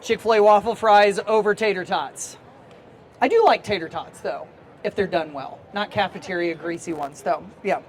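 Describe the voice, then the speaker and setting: A man's voice: high voice, normal speed, slight background noise. A man giving a live conference workshop talk in a casual, chatty way, laughing easily as he talks to the room. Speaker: teacher trainer and conference presenter.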